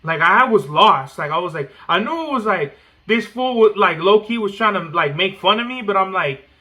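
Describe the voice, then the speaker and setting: Brief: a man podcast host, higher-pitched and very bright, loose and profane, rambling slang-heavy storytelling. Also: expressive, moderate pace. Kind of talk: casual chat.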